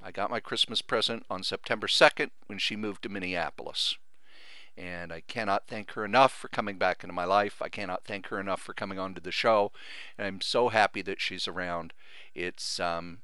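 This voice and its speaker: A man's voice: low-pitched, pushed and bright, smooth, no room sound. Earnest, emotional male podcast host. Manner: earnest, rambling, grows emotional. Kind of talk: heartfelt thank-you monologue.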